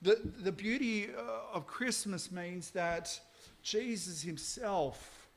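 A man in his thirties preaching a Christmas sermon, telling stories with swings between soft asides and loud outbursts. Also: high-pitched.

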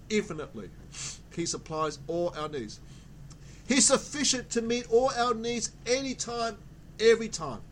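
Male preacher, high voice, emphatic sermon delivery with repeated key words. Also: fairly bright tone, slight background noise.

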